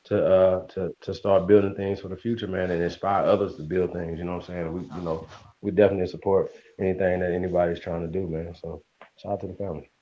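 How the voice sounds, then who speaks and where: A man's voice: low voice, little pitch movement, fast. A man hosting a casual livestream, greeting viewers by name in a slangy, upbeat way. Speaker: livestream host. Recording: dull lo-fi stream audio with faint noise.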